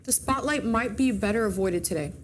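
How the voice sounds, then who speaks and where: A woman with a fairly high voice talks a little fast while co-hosting a morning show. She reads the horoscopes casually, chatting, slipping up, and correcting herself. There's some slight background noise.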